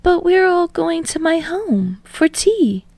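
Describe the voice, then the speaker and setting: A woman plays a gracious, well-bred young woman with a courteous, formal manner. Her voice is lighter than the narration, with a gravelly edge. It is recorded dry and close. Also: very high-pitched, big pitch swings, slow pace, a little mellow, no echo, voice pushed up, exaggerated voice. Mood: polite.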